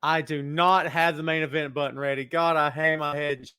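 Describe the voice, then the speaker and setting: A man's voice: fairly high pitch, fairly even intonation, normal speed, bright, forceful tone, smooth, dry recording. A man hosting a casual podcast livestream, joking around and greeting viewers in the chat by name. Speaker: podcast host.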